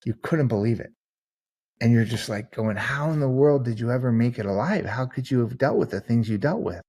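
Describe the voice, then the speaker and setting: A man of average pitch speaks as a podcast guest, earnest and conversational. He tells long stories and slips into the voices of the people he describes. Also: fairly quick, darkish tone. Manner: earnest storyteller, acts out quoted people. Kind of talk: conversational interview answer.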